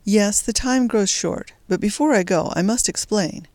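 A woman's voice: medium pitch, moderate pace, a little mellow, dry recording, lightly acted. A woman voicing an earnest young male resistance fighter who speaks with urgency. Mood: urgent.

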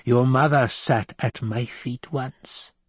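A man doing a stern, slow-spoken old woman. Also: medium pitch, fairly even intonation, husky, no echo. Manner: slow, measured, commanding. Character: stern, probing old woman, a sisterhood elder. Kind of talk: audiobook character voice.

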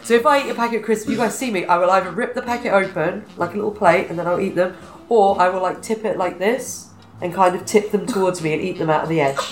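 A middle-aged British woman chatting casually as a podcast co-host, animated and self-deprecating, laughing often. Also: medium pitch, quick pace. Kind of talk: casual chat. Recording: roomy echo with faint music.

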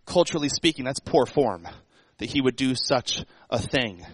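A man's voice: medium pitch, expressive, normal speed, breathy edge, no room sound, rough recording. A man preaching a sermon in a conversational way, asking the congregation rhetorical questions. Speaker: pastor.

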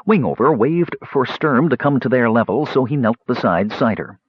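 A man reading a fantasy novel aloud as audiobook narrator, expressive and voicing the characters. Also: mid-range voice, moderate pace, breathy edge, no echo. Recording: dull lo-fi dry recording.

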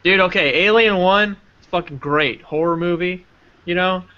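Podcast guy, high bright voice, animated profane retelling, dull lo-fi audio. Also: moderate pace, clean tone. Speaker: podcast co-host. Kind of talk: casual podcast chat, retelling a movie.

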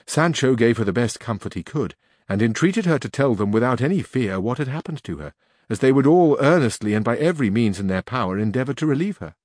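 A man reads a classic novel aloud with measured, even storytelling. His voice sits at an ordinary mid pitch, and the recording is dry and close with no room sound. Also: no room sound. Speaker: audiobook narrator. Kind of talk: scripted narration.

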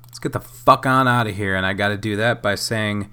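Low-voiced guy rambling on his solo podcast, casual, swears, jokes at his own expense. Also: a little fast, sharp tone, clear, resonant tone. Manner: casual, profane, self-mocking, lots of fillers. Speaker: podcast host. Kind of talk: casual solo podcast narration of a wrestling sim game.

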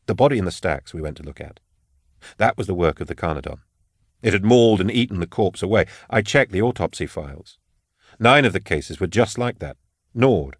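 A man's voice: deep voice, animated, slightly rough, dry recording, studio quality, heavily acted. Man reading as a wry male forensic scholar. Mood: explaining. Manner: measured, explanatory. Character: wry male forensic scholar, sharp-minded, dry wit. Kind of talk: audiobook character reading.

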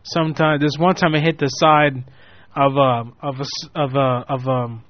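A man's voice: mid-range voice, normal speed. A young man in his twenties, hosting a show and telling a long rambling story with lots of swearing, acting out the people he quotes. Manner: rambling, profane, animated quoting of people. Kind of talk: casual storytelling. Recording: muffled lo-fi audio.

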